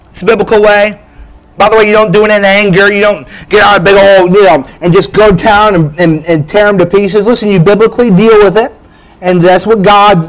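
Male preacher, middle-aged, high voice, emphatic sermon delivery with rhetorical asides. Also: low-quality recording. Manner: animated, emphatic, frequent "right?" asides.

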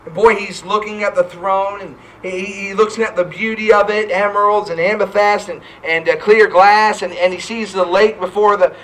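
Male pastor, very high-pitched, fervent sermon delivery. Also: steady tone, moderate pace, hardly any pauses, fairly bright tone, slight background noise, poor audio. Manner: fervent preaching with repeated "hey" and scripture quotes.

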